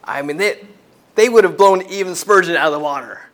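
Earnest male preacher, slightly high voice. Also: brisk. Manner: earnest, repeats words and restarts, swings loud and soft. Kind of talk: sermon.

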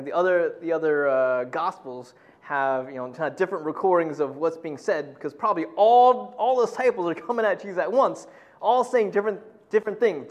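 A middle-aged man preaching a sermon in a conversational way, full of "you know", who acts out quotes in a loud, high voice. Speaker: pastor.

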